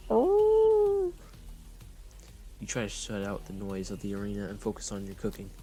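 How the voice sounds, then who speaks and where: A man's voice: fairly low pitch, monotone, quick pace, a little mellow, soft background music. A man reading a story game aloud, playful and breaking off for jokes.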